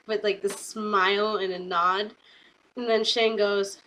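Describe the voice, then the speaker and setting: A young woman getting over a cold who chats casually through a recap of a wrestling show, filling her talk with "like" and retelling scenes with excitement. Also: medium pitch, a little slow, low-quality recording.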